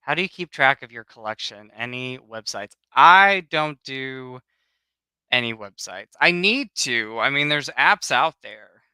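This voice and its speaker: A man with a very bright, smooth voice, chatting casually on a livestream. He greets his viewers by name in an affectionate, gushing way. The sound is close and dry. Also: mid-range voice, dry recording, low-quality recording. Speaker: livestream host. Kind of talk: casual chat.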